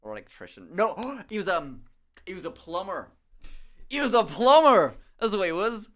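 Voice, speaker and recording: Young male streamer from Somerset, high voice, rambling excitable anecdotes between laughs. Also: normal speed. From Somerset, England. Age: young adult. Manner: excitable storytelling, swears and laughs often. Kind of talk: casual chat while painting on stream.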